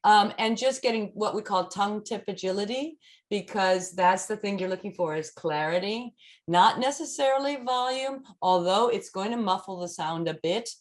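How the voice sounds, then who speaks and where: A woman who coaches voice and text chats casually in an online conversation, her mid-range voice moving at normal speed. She's chatty and uses many fillers as she demonstrates lines to illustrate speaking tips.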